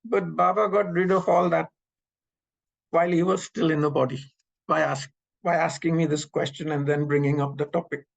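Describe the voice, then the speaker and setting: A man in his seventies, from Pakistan, telling memories as an animated storyteller who acts out the dialogue. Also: fairly high pitch, normal speed, vocal fry, dull audio. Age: 70s. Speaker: interviewee recounting memories. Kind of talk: storytelling reminiscence. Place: North America.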